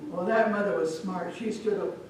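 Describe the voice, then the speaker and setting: A middle-aged woman from Omaha telling a folk tale live to an audience, lively and chatty, with asides to the crowd. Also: fairly low pitch, normal speed, a little hiss or hum. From Omaha, Nebraska. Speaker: storyteller. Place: large event hall. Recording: echoey hall from far off.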